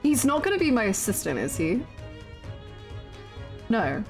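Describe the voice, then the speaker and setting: A woman's voice: fairly high pitch, huge pitch swings, unhurried, soft background music. A woman streaming a game playthrough, reacting with laughter and incredulous exclamations. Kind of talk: live game playthrough commentary.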